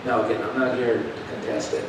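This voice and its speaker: A male preacher telling a testimony in an animated storytelling manner, swinging from hushed to loud. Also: fairly quick. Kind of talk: sermon testimony. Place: church. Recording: echoey church from a distant mic with background rumble.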